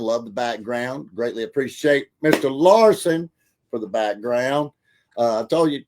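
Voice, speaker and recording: A man's voice: medium pitch, darkish tone. A man hosting a wrestling podcast, talking in a hyped, loose way full of "uh" and "you know", reading out viewer comments. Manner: hyped, filler-heavy, reads out viewer comments. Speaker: podcast host. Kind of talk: casual podcast chat.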